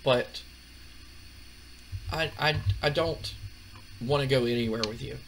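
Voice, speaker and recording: A man's voice: mid-range voice, slow pace, creaky, a bit bright, slight background noise, rough recording. A man voicing a hurt, put-upon young woman who stammers and hesitates. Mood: hesitant.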